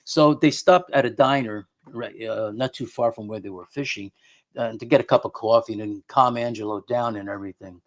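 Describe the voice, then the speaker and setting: A man's voice: mid-range voice, a little fast. A middle-aged man, a paranormal investigator guest, telling a story in a rambling way, often repeating and restarting his words. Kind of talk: conversational storytelling.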